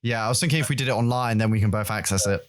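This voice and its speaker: Young man, podcast co-host, casual chat, rambling, fairly low pitch. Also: very fast. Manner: rambling, animated when ranting.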